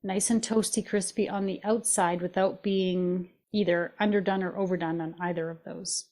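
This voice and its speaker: A woman co-hosting a cooking podcast in casual chat, animated and playful. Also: lowish voice, normal speed. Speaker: podcast co-host.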